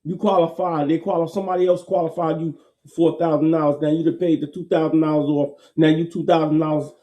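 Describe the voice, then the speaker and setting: A man gives a casual motivational talk. His tone is very dark and mellow, sitting a little high. He repeats his points emphatically in a folksy way. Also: little pitch movement, fast. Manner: folksy, repetitive, emphatic with laughs.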